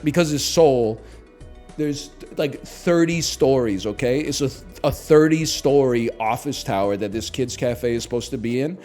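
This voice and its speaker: A man's voice: medium pitch, a little slow, a little mellow, soft background music. A man in his thirties telling a rambling, profane, self-deprecating story in casual stream chat. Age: 30s.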